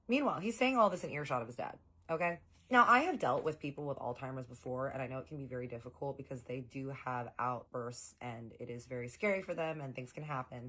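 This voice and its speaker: A young woman tells a personal story in a chatty, animated way, full of fillers. Her voice sits low for a woman. The delivery is casual and lively. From Southern US. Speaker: storytime vlogger.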